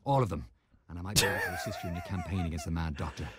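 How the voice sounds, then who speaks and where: Blunt deep-voiced informer. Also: male voice, wildly swooping pitch, rapid-fire, music in the background. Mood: commanding. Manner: blunt, commanding. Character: cold male informer urging killings. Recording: game audio over crowd noise.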